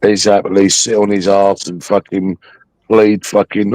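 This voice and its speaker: A man's voice: lowish voice, little pitch movement, a little slow, a little mellow, dry recording. A man hosting a livestream, taunting a viewer in a mocking, aggressive rant full of swearing. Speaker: livestream host.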